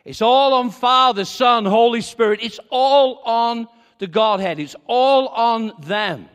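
A male preacher delivering a conversational sermon, acting out quoted dialogue with animated swings. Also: very high-pitched, slow, smooth. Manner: lively, conversational, acts out quotes. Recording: reverberant hall.

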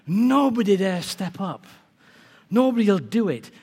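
A preacher with a high, lively voice tells the story with animation. His words ring through a big hall with a long reverb. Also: unhurried, breathy edge. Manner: animated storytelling, acting out characters. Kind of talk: sermon.

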